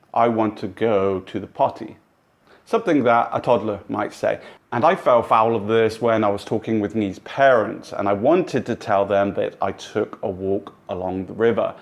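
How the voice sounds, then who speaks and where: A man narrating a language lesson in a clear, measured, instructive way. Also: lowish voice. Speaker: language teacher. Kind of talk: scripted explanatory narration.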